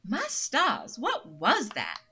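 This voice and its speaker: A woman's voice: fairly high pitch, wildly swooping pitch, takes it slowly, sharp tone, breathy edge, exaggerated voice. A woman voicing a prim, doting female dog companion with a put-on genteel accent. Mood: startled.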